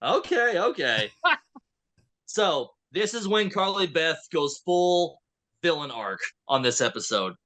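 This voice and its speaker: A man's voice: on the high side, very animated, slow pace, bright, forceful tone. A man in his thirties chatting on a podcast, animatedly retelling a story and slipping into quoted character voices. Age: 30s. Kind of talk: casual podcast recap chat.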